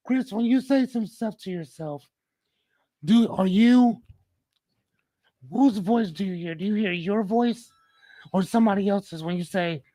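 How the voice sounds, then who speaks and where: Casting: man, live-stream host, animated, repeats himself, dry close sound. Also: high voice, dry recording. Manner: animated, repeats his questions. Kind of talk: casual live-stream chat.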